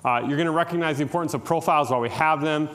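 A man's voice: fairly high pitch, rapid-fire, a bit bright. A middle-aged man from Minnesota giving a conference tutorial talk in a casual, joking way, with frequent "uh" and "um". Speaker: conference presenter.

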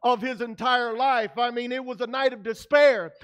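A man's voice: very high voice, steady tone, moderate pace, fairly bright tone, clean tone. A man preaching a sermon as pastor in a church, conversational with frequent fillers. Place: church sanctuary.

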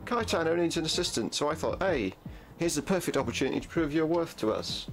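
A man's voice: animated, fast, faint music behind. A man putting on a scheming crime boss with a put-on accent. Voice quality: put-on accent, raised pitch. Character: scheming adult crime-ring boss giving orders. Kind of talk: reading game dialogue aloud.

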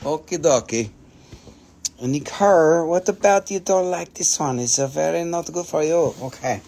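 A man with an Appalachian accent hosting a live mineral sale, excitable and jokey, swearing casually as he talks. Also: on the high side, a little slow, gravelly.

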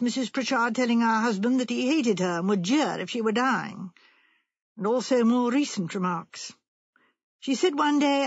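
A blunt retired colonel in his later years, as a woman reads him, telling his tale plainly and matter-of-factly. The voice sits a little high and slightly husky. The sound is muffled, like a lo-fi home audiobook recording. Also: dry recording. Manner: plain storytelling, matter-of-fact. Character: retired English colonel, older man, blunt.

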